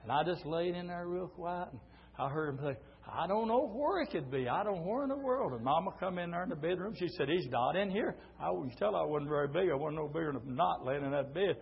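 A middle-aged man preaching a sermon, telling stories and swelling into shouted preaching, heard on a dull lo-fi church recording. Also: on the high side, animated, a little fast, gravelly, breathy edge.

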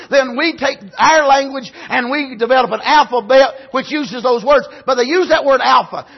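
Male preacher, very high and breathy, emphatic amen-punctuated sermon, muffled lo-fi church tape. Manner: emphatic, swings between shouting and low asides, punctuates with amen. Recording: dull lo-fi recording.

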